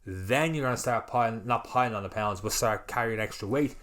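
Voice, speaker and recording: A man talking casually on a podcast, rambling and animated, acting out little quoted exchanges. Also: mid-range voice, a little fast. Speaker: podcast host.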